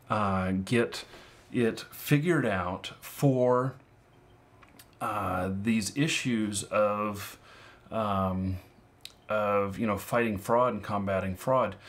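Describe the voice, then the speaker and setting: Rambling man giving casual advice. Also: fairly low pitch. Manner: rambling, full of "you know" and "um" fillers. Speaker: online game-currency seller and fraud consultant. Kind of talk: casual advice talk to camera.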